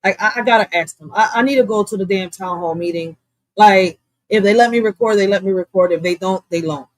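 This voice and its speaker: A woman's voice: mid-range voice, a little fast, no echo, rough recording. Blunt, profane woman livestreaming. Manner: blunt, profane, laughs and reacts loudly to chat. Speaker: livestream host. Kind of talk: casual livestream commentary.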